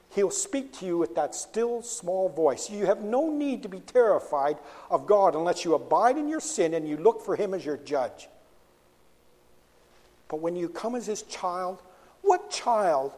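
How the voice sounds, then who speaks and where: High, lively preacher with hall echo. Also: male voice. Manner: animated, emphatic, drops to a hush on quiet phrases. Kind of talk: sermon. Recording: long hall reverb.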